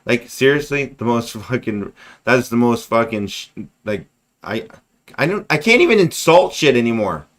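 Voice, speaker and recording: A man's voice: medium pitch, big pitch swings, normal speed, fairly bright tone. A man in his forties, hosting a livestream and ranting bluntly and sarcastically with lots of swearing, his voice a bit strained. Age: 40s. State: losing his voice. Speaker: livestream host. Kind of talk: casual ranting commentary.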